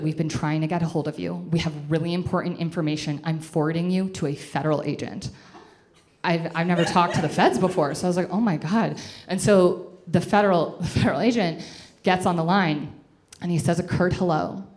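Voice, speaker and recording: A young adult woman from Colorado telling a funny story on stage, self-mocking and lively, jumping into exaggerated voices. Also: lowish voice. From Denver, Colorado. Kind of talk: live comedic storytelling. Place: stage before a live audience.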